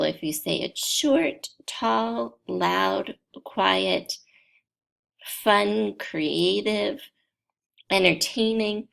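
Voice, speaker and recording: A woman teaching an English grammar lesson to learners, explaining step by step in a slow, deliberate way. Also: mid-range voice, creaky, a bit bright.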